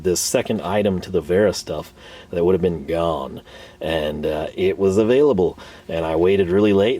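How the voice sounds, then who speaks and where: Mellow-voiced man rambling in his shop. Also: lowish voice. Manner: rambling, lots of fillers and restarts. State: tired, voice worn. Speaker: tool reviewer. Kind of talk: casual tool haul vlog. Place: home garage shop. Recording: distant camera mic.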